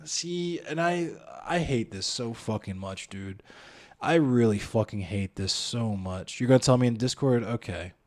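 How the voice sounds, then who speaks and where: Talking a little slowly in a mid-range voice, a streamer delivers fired-up, foul-mouthed commentary live. He's blunt, speaks straight to his viewers and chat, and keeps posing rhetorical questions.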